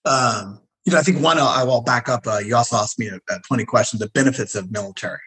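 Speaking fast at medium pitch, a middle-aged man appears as an interview guest and casually tells his stories. He's animated, his voice rising and falling a lot as he acts out what other people said. The audio quality is poor.

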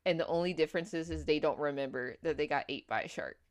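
A young woman co-hosting a podcast, rambling through a movie plot with lots of fillers and quick acted-out quotes. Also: low voice. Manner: rambling storyteller, many fillers, acts out quotes. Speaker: podcast co-host. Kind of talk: casual movie recap chat.

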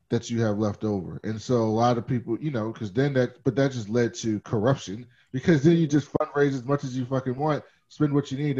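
A man's voice: mid-range voice, darkish tone. Chatty man on a dull lo-fi recording. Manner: chatty, digressive, swears casually. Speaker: podcast co-host. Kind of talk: casual movie discussion. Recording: dull lo-fi sound.

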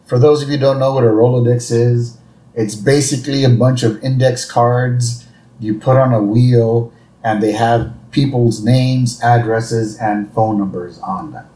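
A man's voice: mid-range voice, a little slow. A man co-hosting a podcast, casually recapping a cartoon episode and retelling its scenes. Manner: retells scenes with lively quoted voices. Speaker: podcast co-host. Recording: roomy echo.

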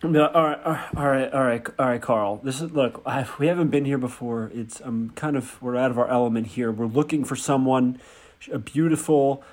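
Brief: male player, mid-pitch voice, fumbling and hesitant, comic. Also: brisk. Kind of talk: playing an elf in a tabletop game.

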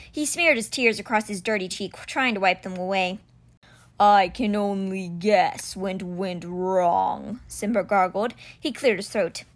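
A woman reading a children's fantasy novel aloud with expressive storytelling. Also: on the high side. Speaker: audiobook reader.

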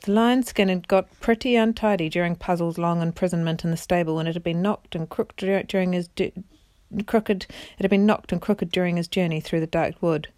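A woman with a fairly low pitch reads a children's storybook aloud at a fairly quick pace, as a parent would, in a steady narrating voice. She makes small stumbles and clears her throat now and then, and the studio sound is clean with no echo.

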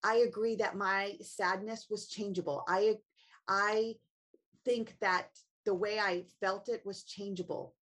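A woman's voice: medium pitch, steady tone, a little slow, fairly bright tone. A middle-aged woman, a family coach and author, speaking earnestly as an interview guest and asking herself reflective questions. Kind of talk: interview guest, personal storytelling.

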